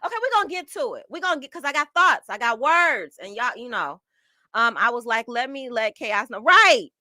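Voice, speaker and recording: A woman hosting a casual livestream reads chat messages aloud and reacts in an animated, chatty, slangy way. Her voice is bright, forward, on the high side and brisk, recorded dry and close to the mic with no room sound or echo.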